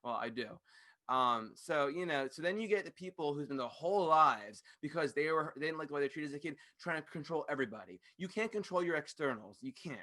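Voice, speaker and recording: A man hosting a podcast, ranting fast, loud and passionate into a studio microphone, swearing freely. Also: fairly high pitch, expressive. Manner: fast-talking. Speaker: podcast host. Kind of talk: ranting monologue.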